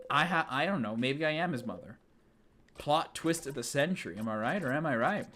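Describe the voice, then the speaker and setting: A man's voice: mid-range voice, a bit bright, slight background noise. A man giving casual, joking gameplay commentary as a let's play host, with game music behind. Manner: chatty, joking asides to himself.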